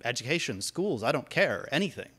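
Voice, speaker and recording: A man's voice: medium pitch, big pitch swings, a little fast, breathy edge. A man from the audience laying out a long, carefully argued question to a panel. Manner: long, reasoned question, soft at first. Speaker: audience member asking a question.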